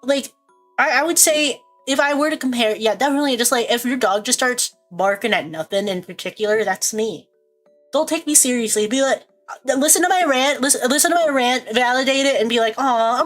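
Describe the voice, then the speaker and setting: A woman's voice: fairly high pitch, fairly quick, soft background music. Rambling, jokey young woman streamer. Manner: rambling, jokey, laughs often. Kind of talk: casual stream chat.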